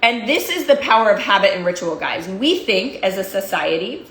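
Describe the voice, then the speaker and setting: A woman's voice: medium pitch, big pitch swings, normal speed, a bit bright. Woman coach, emphatic motivational speaker who hammers points through repetition; recorded in a roomy, echoey space. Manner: fired-up, emphatic, repeats phrases for emphasis. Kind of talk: motivational talk to followers. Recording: roomy echo.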